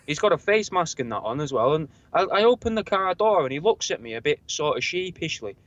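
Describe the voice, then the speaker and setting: A man's voice: on the high side, very animated, brisk, fairly bright tone, no echo. A man, co-hosting a podcast and telling rambling anecdotes in casual chat, swearing freely. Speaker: podcast co-host. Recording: dull lo-fi dry recording.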